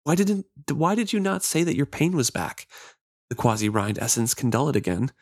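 A man's voice: mid-range voice, big pitch swings, moderate pace, slightly rough, no echo, studio quality, voice pushed up. A man reading as an earnest young healer. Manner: read aloud from a novel, lightly voiced.

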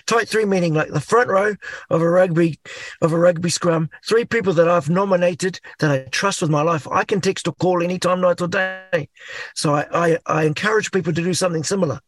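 Animated New Zealand man, high voice. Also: brisk. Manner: animated, acts out inner voices. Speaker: guest. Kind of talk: casual chat.

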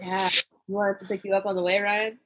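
A woman's voice: mid-range voice, level tone, quick pace, poor audio. A woman hosting a podcast, laughing and asking casual questions. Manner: laughs often, asks friendly questions. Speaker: podcast host. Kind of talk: casual interview chat.

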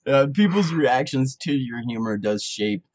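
A man's voice: mid-range voice, lively intonation, unhurried. Easygoing man chatting on a podcast. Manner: agreeable, thinks aloud, short backchannels. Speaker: podcast co-host. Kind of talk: casual chat.

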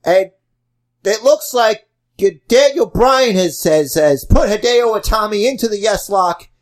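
A man's voice: high-pitched, lively intonation, unhurried. A male podcast host doing theatrical mock wrestling play-by-play. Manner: theatrical announcer delivery.

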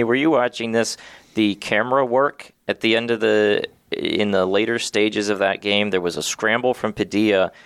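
Low-voiced man retelling game moments. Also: clean tone, no echo. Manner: storytelling, animated when retelling plays. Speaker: podcast co-host. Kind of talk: casual sports talk.

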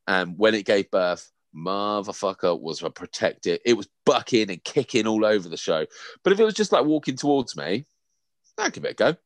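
A man's voice: lowish voice, big pitch swings, normal speed, no room sound. A man with an English accent co-hosting a podcast in casual, playful, sweary banter. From England. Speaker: podcast co-host. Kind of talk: casual chat.

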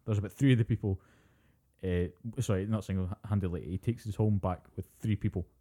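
A man co-hosting a podcast, telling stories in a sweary, animated casual chat. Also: lowish voice, brisk. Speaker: podcast co-host.

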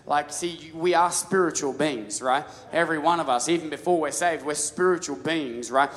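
Stammering pastor in a big hall. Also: male voice, fairly high pitch, normal speed, fairly bright tone. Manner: casual storytelling with many restarts and stammered repeats. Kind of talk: sermon. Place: large church hall. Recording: live sermon with long hall reverb.

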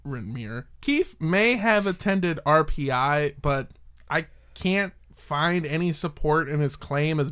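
A podcast host speaking at an ordinary middle pitch, chatting loosely and sarcastically as they pull a story apart. The talk is peppered with swearing and little laughs, a running debunking tone rather than a formal one. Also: a bit bright. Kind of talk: casual chat.

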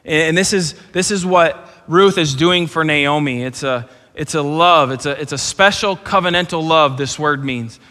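A pastor giving an earnest, animated sermon, often repeating words as he goes. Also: a little high, moderate pace, few pauses. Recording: long hall reverb.

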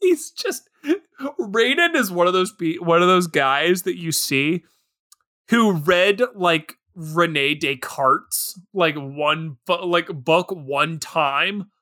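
A man co-hosting a podcast in casual comedic movie chat, animated and laughing often, full of filler words. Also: a little high, slow pace, no echo, studio quality. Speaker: podcast co-host.

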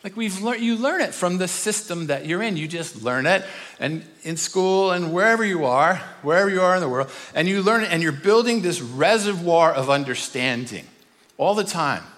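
A man's voice: high-pitched, lively intonation, normal speed, fairly bright tone, long reverb tail. A man preaching a sermon in a church, emphatic and repetitive, asking the congregation rhetorical questions. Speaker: guest preacher.

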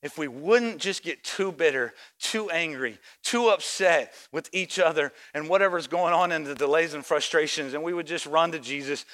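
A high-pitched man preaching a sermon as a pastor. He drops to a quiet, reflective tone, then rises into shouted exhortation, acting out the voices of the people in his story. His voice is bright and forward. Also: moderate pace, hardly any pauses. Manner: acts out voices of story characters and church members.

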